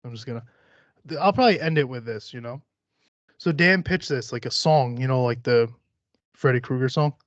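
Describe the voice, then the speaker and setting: A man's voice: mid-range voice, fairly quick, long pauses, no room sound, lo-fi sound. A man hosting a podcast in casual chat, rambling and swearing freely, laughing often. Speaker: podcast host.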